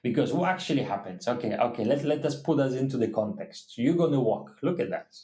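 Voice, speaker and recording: A man co-hosting a casual livestream, talking in halting, non-native phrasing with many restarts. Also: mid-range voice, expressive, warm tone. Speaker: co-host of a livestream. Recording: echoey room.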